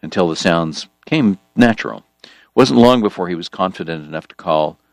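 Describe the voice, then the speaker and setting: A man reading a story aloud in a measured storytelling manner, voicing the characters. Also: deep voice, lively intonation, vocal fry, no room sound, studio quality. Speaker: audiobook narrator. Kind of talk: scripted narration.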